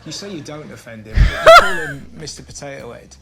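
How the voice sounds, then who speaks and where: A man's voice: on the high side, wildly swooping pitch, fairly quick, gravelly, very noisy. A man hosting a comedy show, playfully interviewing children in a teasing, joking way. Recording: show clip with loud music.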